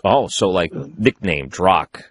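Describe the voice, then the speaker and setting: A man's voice: low-pitched, lively intonation, slow, slightly rough, no room sound. A man hosting a casual interview, asking curious follow-up questions. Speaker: podcast host. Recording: dry close recording.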